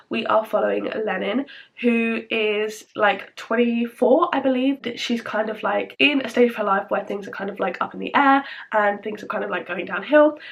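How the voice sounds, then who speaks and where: A woman's voice: a little high, vocal fry. Woman, young adult, casual book chat, chatty and full of fillers. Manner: chatty, lots of fillers, stumbles over words. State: croaky from illness. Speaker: book vlogger.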